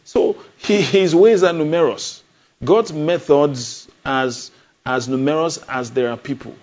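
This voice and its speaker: A man's voice: on the high side, a little slow, darkish tone. A male preacher, delivering a sermon emphatically, asking the congregation questions and repeating key phrases. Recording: dull lo-fi sound.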